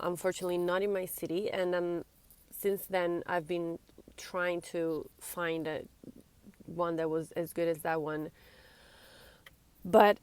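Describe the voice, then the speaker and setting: Young adult woman from Italy, casual vlogger: anxious, rambling, teary, slightly low voice. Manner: rambling, self-interrupting, anxious. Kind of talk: casual vlog monologue.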